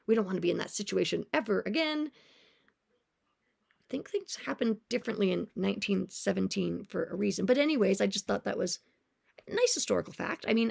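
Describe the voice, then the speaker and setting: Gravelly, chatty woman in her forties. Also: medium pitch, darkish tone. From Canada. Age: 40s. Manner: chatty, sarcastic, self-aware asides. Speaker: music teacher and vlogger. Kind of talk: casual commentary on her notes.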